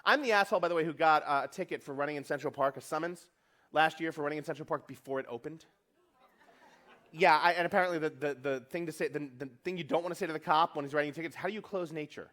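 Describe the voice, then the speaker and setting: This keynote speaker from New York addresses a conference crowd in a fairly bright voice on the high side. His comedic delivery is fast, brash, and profane, and he acts out quotes as he jokes.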